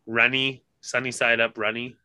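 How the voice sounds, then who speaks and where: A man with a strikingly bright, sharp-edged voice tells a story in casual podcast chat. He swears freely and laughs easily as he goes. The recording is dry and close-miked. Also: mid-range voice, little pitch movement, normal speed, clean tone, no echo, poor audio. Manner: laughing, profane, anecdote-telling. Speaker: podcast co-host.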